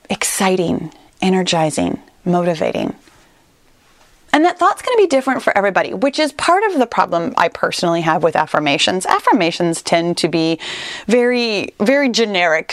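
Animated, emphatic woman coaching listeners. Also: dry recording. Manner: earnest and emphatic, with animated pitch leaps and drawn-out stressed words. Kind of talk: motivational solo talk.

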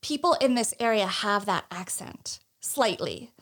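A middle-aged woman co-hosting a podcast, telling stories in a casual, animated way and laughing often. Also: mid-range voice, a little slow. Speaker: podcast co-host. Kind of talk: casual chat.

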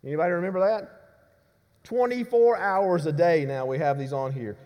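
A man preaching a sermon to his congregation. He delivers emphatic declarations, drops to hushed low lines, and often asks the congregation questions. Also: normal speed. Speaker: pastor. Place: church sanctuary. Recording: reverberant church hall.

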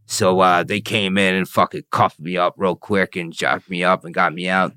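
A man's voice: low voice, level tone, normal speed, sharp tone, smooth, no echo, studio quality. A man telling his own story in an interview, blunt and profane, often asking "you know what I mean". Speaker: interview guest.

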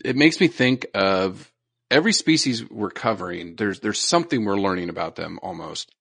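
A man co-hosting a casual podcast, telling rambling, sidetracked stories in an animated way. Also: mid-range voice, vocal fry, dry recording. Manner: animated storyteller, easily sidetracked. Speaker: podcast co-host. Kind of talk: casual chat.

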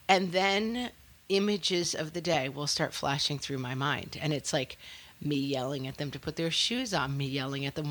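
A woman's voice: deep voice, moderate pace, a bit bright. A woman in her thirties, a podcast co-host chatting casually in a wry, self-mocking and playfully dramatic way. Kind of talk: casual chat.

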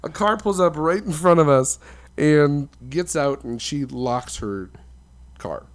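A man's voice: a little high, slow pace. A man chatting casually with a friend, telling a funny story and laughing through it. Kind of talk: casual chat.

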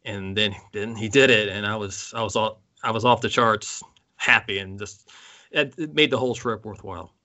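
A man's voice: fairly low pitch, sharp tone, dull audio. A man co-hosting a podcast, chatting casually and enthusiastically about concert tours, often restarting his sentences. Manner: enthusiastic, halting with restarts and laughs. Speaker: podcast co-host.

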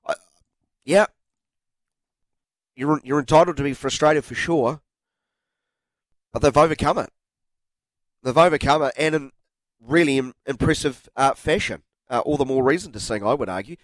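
A man with a New Zealand accent hosting a sports radio show, sounding nasal and blocked up from a cold, animated and teasing. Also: medium pitch, moderate pace, pauses often, no room sound. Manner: animated, teasing, self-mocking. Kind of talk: casual sports radio chat. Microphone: studio microphone.

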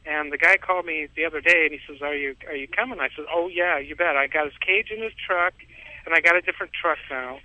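A man's voice: on the high side, fast talker, no echo. Rambling man on a phone line. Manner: rambling storyteller, chuckles often. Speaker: caller. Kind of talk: phone-in radio call. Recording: tinny phone line, dry.

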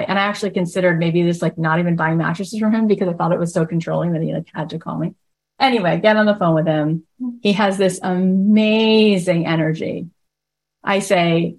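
A woman hosting, telling a casual story in a chatty, animated way, often acting out quoted dialogue and saying "like" a lot. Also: on the low side, moderate pace.

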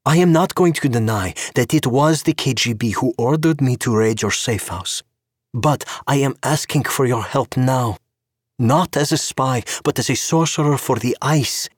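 A man voicing a sharp-tongued woman KGB agent and sorceress in an audio story, mocking and scolding. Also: mid-range voice, moderate pace, dry recording, clean studio sound, voice pushed up, lightly acted. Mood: urgent.

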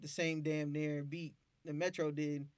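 A man, a beat producer, telling profane, animated stories in a casual interview. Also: fairly high pitch, a little slow, clean tone, no room sound. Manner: profane, animated storytelling with acted-out quotes.

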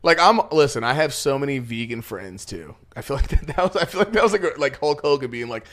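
A young man chatting on a podcast, swearing often and laughing through his stories. His delivery is loose, animated and unscripted, the way people talk among friends. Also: mid-range voice, brisk. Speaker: podcast co-host. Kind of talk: casual podcast banter.

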